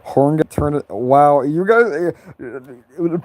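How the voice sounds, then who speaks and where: A man's voice: animated, a little mellow, dry recording. Male streamer, laid-back Q&A, stumbles and restarts lines, frequent giggling. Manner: giggly, breaks into high laughter often; halting, repeats and restarts phrases. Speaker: creator answering viewer questions. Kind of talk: casual livestream chat.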